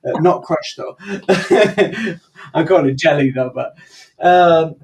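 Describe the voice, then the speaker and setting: Relaxed male co-host, video call, chatty and hesitant, laughs easily. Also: on the high side, moderate pace. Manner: easygoing, laughs easily, many fillers and restarts. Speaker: co-host and coach. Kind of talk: casual panel discussion.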